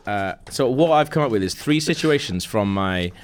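A man's voice: fairly low pitch, expressive, normal speed. A man hosting a casual comedy podcast, laughing often as he rambles and reads out a script. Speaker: podcast host.

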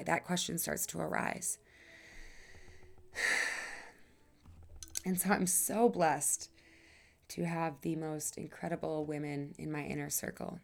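Her voice sits low with vocal fry, a steady tone, and a slow pace broken by frequent pauses. As a podcast host giving a personal monologue, she's earnest and emphatic, stretching out her phrases, occasionally sighing, and casually cursing.

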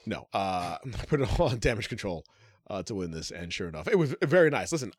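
A man's voice: lowish voice, sing-song, a little fast, slightly rough, no echo, clean studio sound. A man co-hosting a casual podcast, joking around and laughing often. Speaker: podcast co-host.

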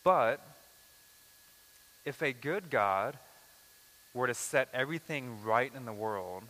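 A man delivers a sermon in a bright, forceful voice, with a long hall reverb trailing each phrase. He keeps it conversational, acting out quoted speech and changing pace often. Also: medium pitch, expressive, slow. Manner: conversational preaching, acts out quoted lines, uneven pace. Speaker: pastor.

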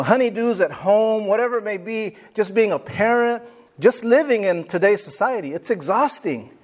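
A man preaching a sermon as pastor to his congregation, talking directly to them and acting out what people say. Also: sits high. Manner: lively, talks to the congregation and acts out quoted people. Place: church.

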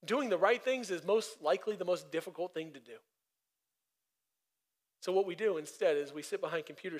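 A man preaching a sermon as pastor, emphatic and conversational, repeating himself and laughing at his own stories. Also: a little high.

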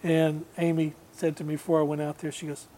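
A man with a somewhat high voice tells a story in easygoing conversation, wandering and laughing as he goes. He speaks as a guest musician, over a faint hum of room noise. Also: a little fast. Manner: relaxed, rambling, laughs often, mimics voices in anecdotes. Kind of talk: casual storytelling.

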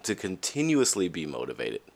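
A man hosting a podcast, talking candidly and casually to listeners, with frequent fillers and restarts, and his voice jumps up high when he stresses a point. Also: normal speed, creaky. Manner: lively, pitch jumps high for emphasis. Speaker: podcast host. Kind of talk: casual motivational monologue.

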